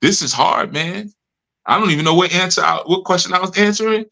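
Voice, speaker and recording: A man's voice: sits high, fairly quick, gravelly, sharp tone. A middle-aged man leading a live study session, talking in a streetwise, joking way and acting out his followers' complaints. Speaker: spiritual leader of a study group.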